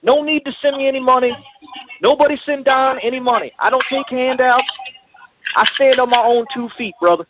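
A man's voice: very high-pitched, steady tone, a little fast, very noisy. A man calling in to a comedy show, rambling and calling everyone brother. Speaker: caller. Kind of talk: phone-in comedy chat. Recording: dry tinny phone line.

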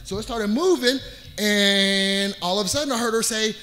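A middle-aged man telling a funny personal story on stage, acting out the scenes and getting louder as the story turns to panic. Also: high-pitched, moderate pace. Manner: animated, acts out scenes, voice rises when panicked. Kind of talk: live comedic storytelling.

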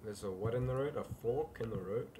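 A man's voice: medium pitch, a little fast, noisy background. A young man commentating a horror game he is playing, casual and easily startled, often calling people dude. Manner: jumpy, says dude a lot, shouts when startled. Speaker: gaming youtuber. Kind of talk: casual let's-play commentary.

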